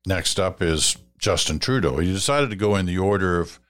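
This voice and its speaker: A man with a very low voice hosts a radio feedback segment and works through listener letters. He talks in a measured, advising way, now and then pausing on fillers or restarting a phrase. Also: lively intonation, a bit bright. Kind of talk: conversational radio commentary.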